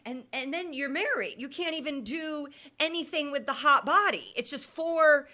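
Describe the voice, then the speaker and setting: Bright-voiced woman doing stand-up. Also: high voice, normal speed. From Indiana, USA. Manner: deadpan, conversational, with filler ums. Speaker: stand-up comedian. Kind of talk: stand-up comedy set. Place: comedy venue with live audience.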